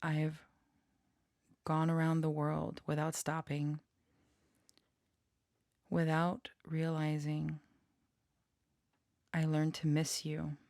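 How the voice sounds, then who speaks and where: A woman channeler talking casually and reflectively at home, often dropping to a soft whisper. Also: deep voice, monotone, very slow, vocal fry, long pauses, no room sound, studio quality. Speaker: channeler and tarot reader. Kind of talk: casual chat with channeled messages.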